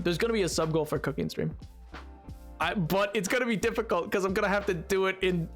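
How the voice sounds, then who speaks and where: A man's voice: high-pitched, a bit bright. A man live-streaming a game, chatting casually and playfully with his viewers, rambling and pleading in mock protest as he reacts to chat. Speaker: livestreamer. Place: home streaming setup. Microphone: desk microphone.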